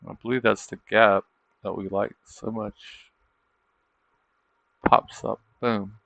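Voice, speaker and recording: A man's voice: on the low side, flat delivery, slow pace, gravelly, a bit bright, no room sound. A man hosting a trading livestream, chatting casually over charts and tossing in tag questions like "isn't it?". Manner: loose, chatty, thinking aloud.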